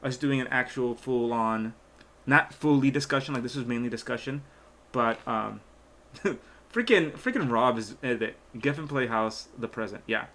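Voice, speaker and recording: A man's voice: mid-range voice, moderate pace, fairly bright tone. A man hosting a casual live stream, rambling along with many fillers and trailing thoughts. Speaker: stream host and magician.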